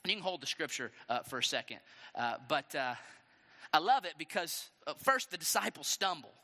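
A male pastor preaching a sermon with dramatic, animated storytelling and rhetorical questions. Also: fairly high pitch, brisk, big-room sound.

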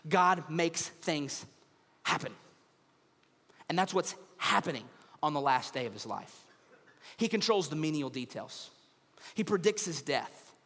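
This fairly high-pitched American pastor speaks a little slowly and pauses often, his voice filling a large hall. Standing on the church stage, he preaches a humorous sermon full of animated stories, imitating voices as he goes.

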